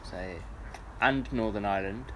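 A man's voice: fairly low pitch, moderate pace. A young English man co-hosting a casual podcast chat, blunt and sweary with dry banter. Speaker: podcast co-host. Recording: audible background noise.

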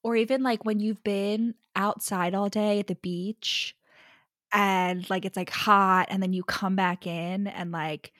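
A woman in casual chat, recapping a novel with animated quoted voices and some swearing. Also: mid-range voice, measured pace, no room sound, studio quality.

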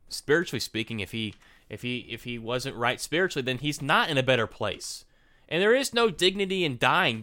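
A man co-hosting a podcast, talking in casual animated opinion chat and often restarting his words. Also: on the low side. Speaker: podcast co-host.

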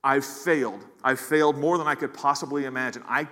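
A man's voice: mid-range voice, steady tone, brisk, fairly bright tone. A man preaching a sermon as pastor, earnest, often repeating words as he builds emphasis. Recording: long hall reverb.

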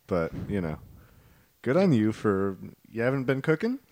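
A man co-hosting a comedy podcast, spinning absurd bits in a deadpan, drawn-out way. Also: on the low side, no echo. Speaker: co-host.

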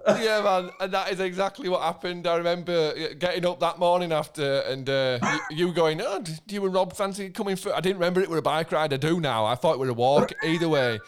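A man with a smooth, resonant and slightly high voice reminisces about making a record. He talks loosely, swears easily and laughs along. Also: fast talker, hardly any pauses. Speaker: band member. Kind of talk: casual chat.

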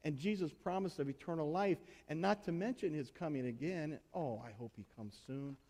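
A man's voice: on the high side, normal speed, darkish tone. A man preaching a sermon in a conversational, emphatic way, asking the congregation rhetorical questions. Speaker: pastor.

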